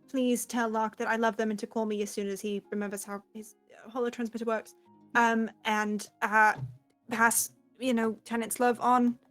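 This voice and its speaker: A frazzled, affectionate woman rambling through a phone call, as a game master puts her on. Her voice sits fairly high, earnest and full of restarts. Faint music underneath in this role-play podcast. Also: pushed and bright.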